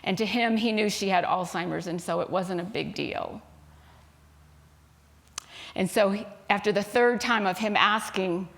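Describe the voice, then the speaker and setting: A woman minister giving a sermon, telling a story in a gentle, unhurried way. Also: mid-range voice, vocal fry.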